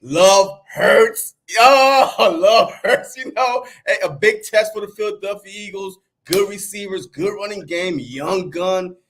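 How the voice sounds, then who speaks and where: A man's voice: high-pitched, slow pace, few pauses, fairly bright tone. A man co-hosting a sports podcast, emphatic and repeating himself for effect. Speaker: podcast co-host. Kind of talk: casual sports chat.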